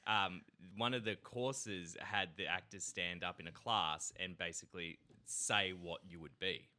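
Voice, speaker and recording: An Australian man in a casual conversation, animated and quick with short reactions. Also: sits low. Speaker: podcast co-host.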